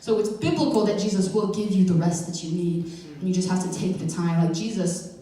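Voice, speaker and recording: A young woman gives an informal sermon in a chatty, playful way, full of fillers and quick self-corrections. Her voice carries through a big hall with a long, booming echo, and she sounds some way off from the mic. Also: warm tone. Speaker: youth speaker giving a church message. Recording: echoey hall from far off.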